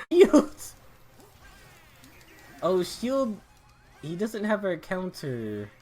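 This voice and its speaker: A woman's voice: on the low side, very animated, extremely slow, warm tone, faint music behind. A woman hosting a gaming video, giving joking, profane let's-play commentary and laughing often.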